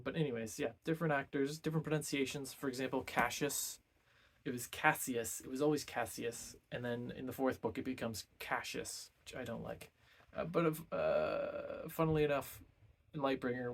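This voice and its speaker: A man's voice: mid-range voice, creaky, slightly rough. A man giving a casual, rambling book review full of ums and self-corrections.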